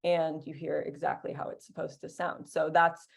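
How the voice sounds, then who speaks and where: A woman teacher answering interview questions in a relaxed, chatty way. Her voice sits low and has a gravelly edge. She talks with plenty of fillers and restarts. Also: normal speed. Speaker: Italian teacher, guest.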